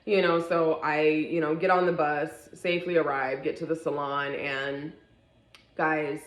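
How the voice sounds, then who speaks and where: A woman with a low, deep speaking voice tells a personal story to her viewers in a casual, animated way. She slips into the voices of the people in the story as she goes. The sound has an echoey room around it. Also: measured pace. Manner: animated, acts out quoted voices.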